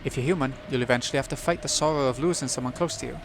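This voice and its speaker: A man's voice: medium pitch, racing, noisy background, natural voice. A man reading a visual novel aloud, voicing a grieving, hot-headed young man who makes bitter, defiant outbursts.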